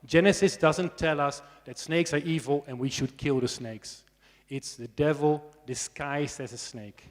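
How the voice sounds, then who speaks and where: Here the snake expert's fairly high voice moves at a measured pace as he lectures students conversationally. Dry asides and tag questions keep the audience engaged, and the hall's long reverb trails his words.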